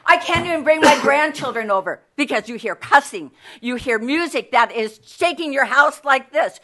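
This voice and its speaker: Older lady at the council mic, high bright voice, angry and pleading, keeps repeating herself. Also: animated, normal speed, few pauses. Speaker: resident speaking at public comment. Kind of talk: public comment at a council meeting. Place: council chamber.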